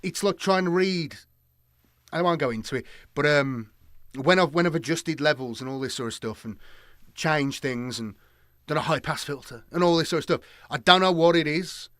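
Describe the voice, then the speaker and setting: A man's voice: fairly high pitch, normal speed, fairly bright tone, no room sound, clean studio sound. A man chatting casually to his live-stream viewers, rambling and repeating himself with many fillers.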